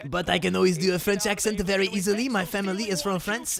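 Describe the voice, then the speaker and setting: A man's voice: high voice, fairly even intonation, quick pace, creaky, hardly any pauses, crowd noise. A man hosting a live-stream watch party of an esports match from his home studio, joking and swearing in a loose casual way. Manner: jokey, swears, tries silly accents.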